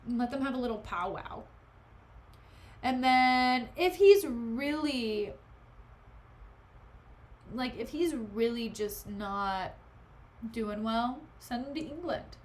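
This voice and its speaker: A woman's voice: a little high, animated, slow pace, long pauses. A young woman streamer reading a play aloud and chatting sarcastically about it in slang.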